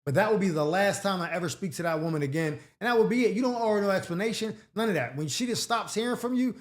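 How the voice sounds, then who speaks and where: A man with a high voice gives casual advice on listener letters. He is blunt and slangy and reacts in an animated way. The room sounds echoey. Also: quick pace. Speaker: advice show host.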